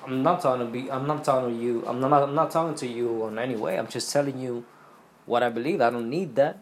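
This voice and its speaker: A man talks through his spiritual views on a podcast, earnest and rambling, often restarting his sentences. His voice sits at an ordinary middle pitch. The room is echoey, with a faint hum behind him. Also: a little fast. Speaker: podcast host. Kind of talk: casual spiritual monologue.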